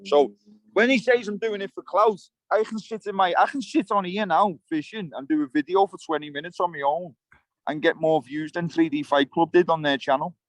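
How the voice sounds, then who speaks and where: A man's voice: sits high, brisk, dry recording, poor audio. Blunt, swearing man. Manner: blunt, swearing straight talker. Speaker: interview guest. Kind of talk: heated interview rant. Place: outdoors by water, fishing.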